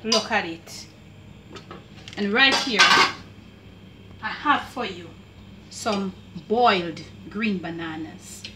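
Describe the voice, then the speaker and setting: A Jamaican woman hosting a home cooking vlog, chatting slowly with drawn-out, emphatic phrases, heard in her kitchen. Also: mid-range voice, expressive, echoey room, far from the mic, noisy background. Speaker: cooking channel host.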